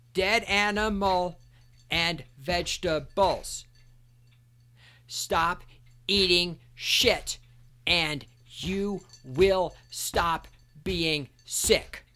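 A man hosting a solo podcast, ranting angrily with constant swearing and sometimes shouting. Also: sits high. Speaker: podcast host.

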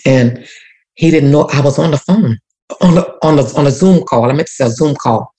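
A woman's voice: deep voice, moderate pace, dark tone. A woman telling an emotional personal story as a guest, repeating herself and speaking of prayer. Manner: emotional, repetitive, church-rooted testimony. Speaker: community activist guest.

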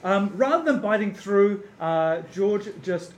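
Guy running a live d&d game, slightly high voice, lots of ums, roomy echo. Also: expressive, unhurried. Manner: hesitant, full of fillers, amused. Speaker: game master. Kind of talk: live tabletop game narration. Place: stage in front of a live audience.

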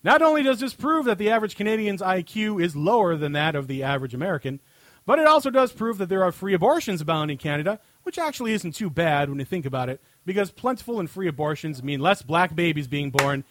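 A man's voice: sits high, very animated, fast, dry recording. Man reading a mocking comic rant. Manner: mocking, over-the-top delivery, chuckling at his own jokes. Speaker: podcast host. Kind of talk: reading comic answers to listener questions. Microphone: own desk microphone.

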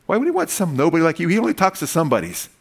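A man's voice: a little high, huge pitch swings, racing, husky, voice pushed up, exaggerated voice. A gloomy, pessimistic barber who runs down every plan with a sneer, put on by a man telling a joke. He sounds scornful and dismissive. His voice sits close to the teller's own.

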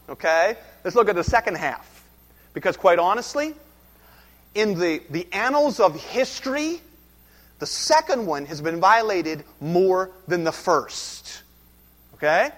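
A man preaching a sermon as a pastor, swinging between loud emphasis and hushed lines. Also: high-pitched, big-room sound.

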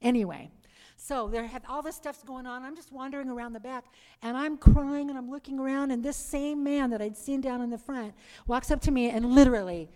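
A middle-aged woman giving her conversion testimony to a live audience, telling her story in a lively way and calling for "Amen.". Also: high-pitched, brisk. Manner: lively storyteller who calls for "Amen" and "Praise the Lord". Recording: long reverb of a hall.

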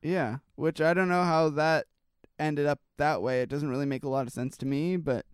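A man's voice: fairly high pitch, steady tone, normal speed, clear, resonant tone, dry recording, clean studio sound. A man co-hosting a casual chat, reacting to news stories in a rambling, talkative way with lots of fillers. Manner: rambling, chatty, trails off and restarts with fillers. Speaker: podcast co-host.

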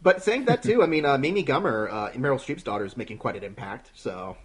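A man's voice: medium pitch, expressive, quick pace, breathy edge. A man hosting a casual film podcast, rambling loosely and laughing often. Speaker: podcast host. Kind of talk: casual chat.

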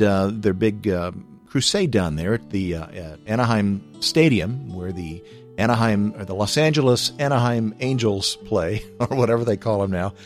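An American man hosting a podcast, chatting loosely and chuckling as he answers listener questions, with many fillers and restarts. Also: lowish voice. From United States. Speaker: podcast host.

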